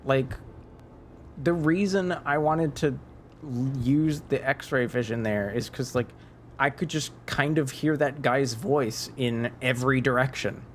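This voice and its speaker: A man's voice: medium pitch, measured pace, slight background noise. A male streamer in casual gaming chat, rambling and musing aloud to his viewers as he plays. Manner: rambling, muses aloud while chatting with viewers.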